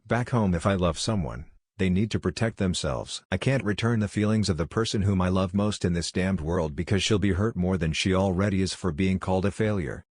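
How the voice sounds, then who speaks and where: A man's voice: deep voice, fairly quick, few pauses, a little mellow, dry recording, studio quality. A man voicing a brash young male ninja with a blunt, cutting way of talking. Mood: cold.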